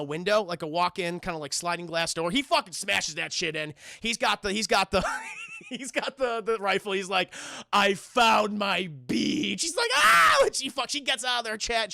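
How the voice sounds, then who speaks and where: A man's voice: high voice, gravelly, pushed and bright, no room sound. A man streaming a casual, profane, rambling film recap to his chat. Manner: profane, rambling, many fillers.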